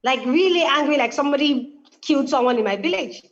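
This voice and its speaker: A woman's voice: sits high, animated, fast talker. A woman guest speaker, explaining through a personal story full of quoted dialogue. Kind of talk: conversational explanation. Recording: dull lo-fi sound.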